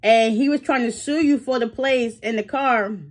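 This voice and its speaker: A woman's voice: fairly high pitch, moderate pace. A woman vlogger casually recapping a TV episode, acting out the characters' lines with laughs and fillers.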